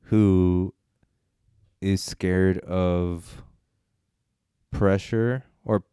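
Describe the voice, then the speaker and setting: A man with a low, smooth and resonant voice talks loosely through a film review, and he often circles back with fillers and restarts. The sound is dry and close, with no room echo. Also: steady tone, extremely slow, dark tone. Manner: rambling, hesitant, many fillers and restarts. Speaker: podcast co-host reviewing films. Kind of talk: casual chat.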